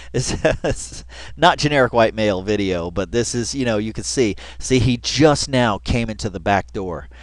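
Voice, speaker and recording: A man giving casual, rambling commentary over a video he keeps pausing, thinking aloud with wry asides and frequent swearing. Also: lowish voice, dry recording.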